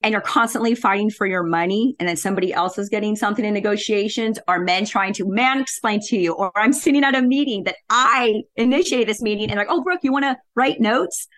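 A woman's voice: medium pitch, fast talker, few pauses, a bit bright. A middle-aged woman talking bluntly and assertively in a casual interview, laughing often. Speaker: podcast guest, real estate investor.

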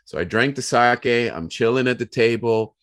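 A young American man telling a work story in a casual, animated way, acting out the people he quotes. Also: mid-range voice, moderate pace. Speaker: guest.

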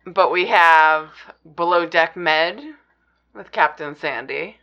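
A woman's voice: deep voice, slow pace, lo-fi sound. A woman co-hosting a podcast in casual banter, dry and sarcastic. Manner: dry, sarcastic, eye-rolling. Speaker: podcast co-host.

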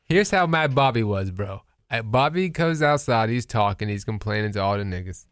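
A man's voice: fairly low pitch, lively intonation, moderate pace, dry recording, clean studio sound. A man hosting a podcast, telling a story in teasing casual banter. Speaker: podcast host.

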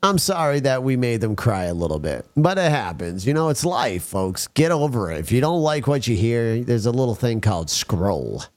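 A male talk show host riffs and rants in a blunt, crude voice at a middle pitch. He keeps calling out to his listeners as folks while he banters with his co-hosts. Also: very animated, normal speed, hardly any pauses. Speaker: podcast host.

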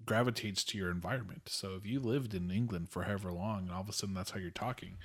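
A man's voice: sits low, fast talker, a bit bright. A man hosting a podcast, chatting casually and announcing the show in an easygoing way. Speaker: podcast host.

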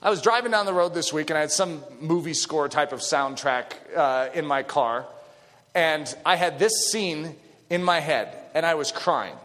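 A middle-aged man preaching a dramatic sermon, dropping low and quiet and then rising to shouts. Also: moderate pace, in a large hall. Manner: dramatic, swings between hushed and shouting.

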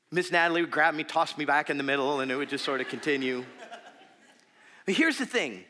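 A man in his thirties preaching a sermon in a church, telling a story with lively fillers and turning softer and earnest. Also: fairly high pitch, a little fast. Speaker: pastor.

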